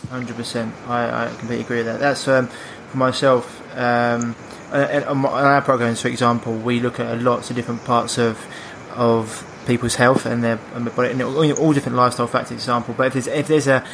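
A man's voice: mid-range voice, flat delivery, fairly quick, creaky, a bit bright, slight background noise. A man hosting a podcast, asking questions casually and restarting his sentences often. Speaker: podcast host.

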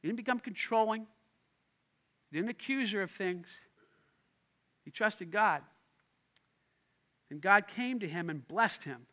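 A man, the lead pastor, preaching a lively sermon, acting out quoted voices and shouting in bursts. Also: sits high, measured pace, long pauses.

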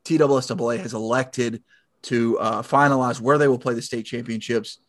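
A Southern man co-hosting a sports podcast, talking in an easygoing, chatty way. His voice sits at an everyday middle pitch. It is recorded close and dry, with no room sound. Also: steady tone, fairly quick, dry recording. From Tennessee. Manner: chatty, self-deprecating, stumbles over words. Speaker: podcast co-host. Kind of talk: casual sports chat.

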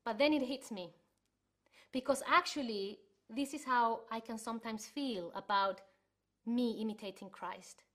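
A woman's voice: on the high side, unhurried. Earnest woman from Chile giving a sermon. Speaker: church speaker. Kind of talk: sermon for an online congregation.

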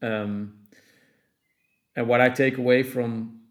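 A man's voice: mid-range voice, steady tone, takes it slowly. A man hosting a podcast interview, speaking in a reflective, appreciative way as he sums up the talk. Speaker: podcast host. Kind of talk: conversational interview.

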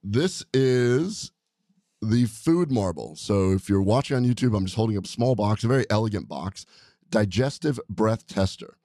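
A doctor hosting a podcast chats casually in a studio, enthusiastic and rambling, often restarting his sentences. His fairly low voice is expressive with a dark tone and moderate pace, recorded dry.

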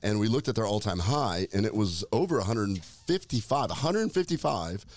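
A man's voice: on the low side, sing-song, normal speed. A man with a Texan accent co-hosting a podcast, chatting casually and playfully. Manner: joking, playful, laughs easily. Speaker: podcast co-host.

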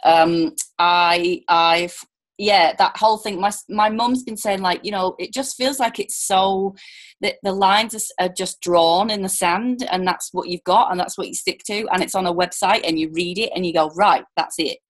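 A woman's voice: fairly low pitch, normal speed. A woman hosting a casual interview podcast, chatty and rambling, with lots of fillers and restarts. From United Kingdom. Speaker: podcast host.

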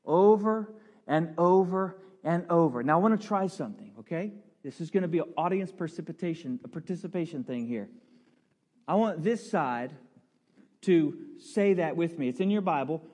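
High-voiced preacher in a reverberant hall. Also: male voice, animated, normal speed. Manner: playful, coaxing the congregation, building to loud bursts. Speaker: pastor. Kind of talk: sermon with audience participation. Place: large church sanctuary.

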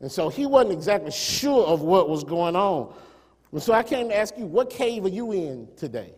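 A man preaches in a high, ringing voice. He throws rhetorical questions at the congregation, building to loud emphatic peaks before falling back to quieter asides. His sermon carries a long reverb from the church sanctuary. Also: very animated, normal speed, slightly rough. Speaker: pastor.

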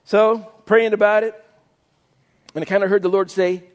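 A middle-aged man preaches in a relaxed, storytelling manner, often poking fun at himself. His voice sits fairly high for a man. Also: moderate pace. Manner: conversational storytelling, self-mocking humor. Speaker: pastor. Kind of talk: sermon.

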